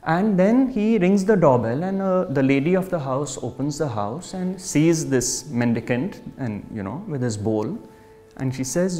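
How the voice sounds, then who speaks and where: A man's voice: fairly high pitch, a little slow. Man telling spiritual anecdotes. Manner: relaxed storytelling with chuckles. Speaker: spiritual speaker. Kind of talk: spiritual talk with anecdotes and jokes.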